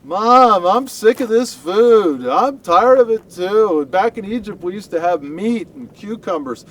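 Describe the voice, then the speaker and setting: A man's voice: high voice, expressive, measured pace, distant mic, pitched above the performer's own voice. A man voicing a whiny young complainer, whining in a raised voice.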